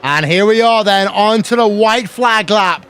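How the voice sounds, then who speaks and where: High-pitched excitable man calling a race. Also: unhurried, slight background noise. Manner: excitable, builds to shouting at the finish. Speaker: lead race commentator. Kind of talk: sim racing play-by-play commentary.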